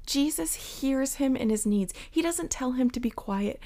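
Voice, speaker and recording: A woman's voice: sits high, measured pace. A woman giving a reflective devotional talk, earnest, sometimes dropping to a whisper and acting out the story. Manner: earnest and reflective, drops to whispers for quoted voices; acts out Bible characters with lively shifts.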